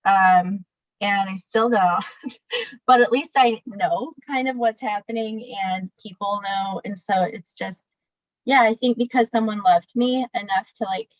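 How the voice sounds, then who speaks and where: A woman's voice: medium pitch, measured pace, dry recording. A young woman, a guest, talking candidly with lots of fillers and laughs over a video call. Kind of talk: casual interview chat. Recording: dull dry video call audio.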